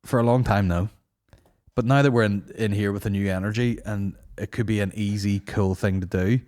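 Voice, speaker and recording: Male podcast host, lowish voice, swears freely, lively casual banter. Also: normal speed. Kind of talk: casual chat.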